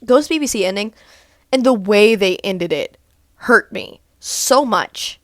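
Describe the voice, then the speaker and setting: A woman's voice: medium pitch, animated, unhurried, dry recording, clean studio sound. A woman from Texas talking casually to camera in a rambling vlog recap, full of "like" and "um". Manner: rambling, lots of "like" and "um". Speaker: vlogger.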